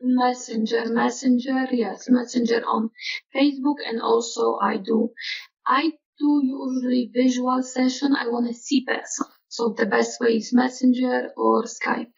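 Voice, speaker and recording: Mujer de voz algo aguda y rasposa. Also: female voice, a little high, flat delivery, lo-fi sound. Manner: halting, simple phrasing. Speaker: guest energy healer. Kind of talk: casual interview chat.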